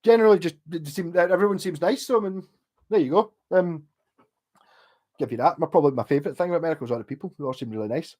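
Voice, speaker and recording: Chatty Scottish man, slightly high voice. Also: quick pace, a little mellow. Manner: rambling and chatty, with frequent restarts and casual swearing. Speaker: livestreamer talking guitar repair. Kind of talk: casual livestream chat.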